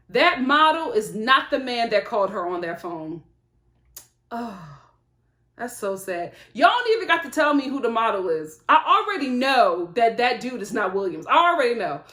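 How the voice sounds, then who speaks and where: A woman giving a casual, animated vlog review of a reality show, sympathetic and chatty. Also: fairly high pitch, echoey room.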